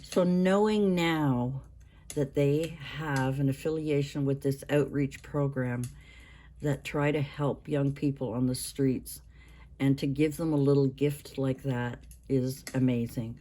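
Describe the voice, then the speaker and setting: A woman in her sixties hosting a craft vlog, talking in a rambling, halting way with many restarts. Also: extremely low pitch, steady tone, warm tone. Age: 60s. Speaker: craft channel host. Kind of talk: casual show-and-tell vlog.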